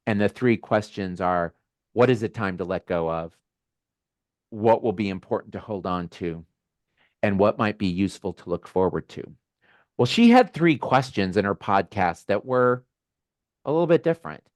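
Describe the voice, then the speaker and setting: Gentle musing man on a video call. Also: on the low side, expressive, moderate pace, dry recording, clean studio sound. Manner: gentle, musing, with small laughs and restarts. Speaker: host of a community video call. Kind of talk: reflective casual talk.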